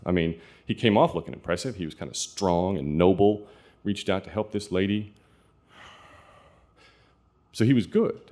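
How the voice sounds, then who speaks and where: A man telling a true personal story in an earnest, confessional way, with halting restarts. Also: low-pitched, darkish tone.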